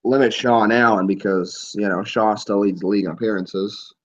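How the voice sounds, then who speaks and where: A man co-hosting a podcast in casual sports chat, measured and analytical with dry reactions. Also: lowish voice, fairly even intonation. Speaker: podcast co-host. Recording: dull lo-fi line.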